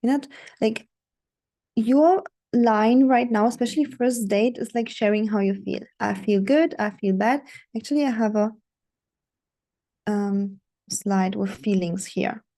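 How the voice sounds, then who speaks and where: A woman's voice: a little high, fairly even intonation, a little slow, long pauses, mellow. A woman dating coach talking straight to her viewers, instructive and repetitive, often checking in with "okay?". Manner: instructive, repeats "okay?" and "don't do it". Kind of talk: coaching monologue.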